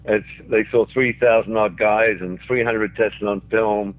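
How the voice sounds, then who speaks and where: A man's voice: fairly low pitch, steady tone, unhurried. An older man from Australia, a guest telling anecdotes with chuckles along the way. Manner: chuckles through his own stories. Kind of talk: anecdotal storytelling. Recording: tinny phone line.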